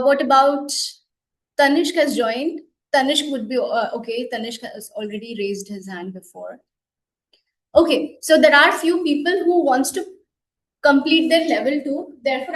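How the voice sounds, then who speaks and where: High-voiced woman leading a group exercise. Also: a little hiss or hum. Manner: encouraging, deliberate delivery. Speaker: meeting facilitator. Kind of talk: club meeting, leading an exercise. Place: meeting room. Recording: echoey room, mic at a distance.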